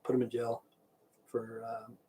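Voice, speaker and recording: A man's voice: medium pitch, completely flat delivery, unhurried, dark tone, breathy edge, rough recording. A man ranting casually on his livestream, rambling and swearing a lot and chatting back to viewers. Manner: rambling, profane, keeps saying "okay"; chats back to viewers in the stream chat. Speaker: livestream host.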